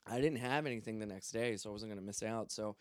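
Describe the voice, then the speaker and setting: A man's voice: lowish voice, fast talker, dry recording, studio quality. A young man telling a story in a loose, profane, joking way. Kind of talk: casual storytelling.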